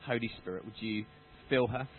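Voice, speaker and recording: A man's voice: medium pitch, brisk, faint music behind. A man leading a church prayer in an earnest way, repeating "Lord" often. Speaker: church leader introducing the speaker. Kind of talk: spoken prayer. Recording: tinny phone-like sound with faint hum.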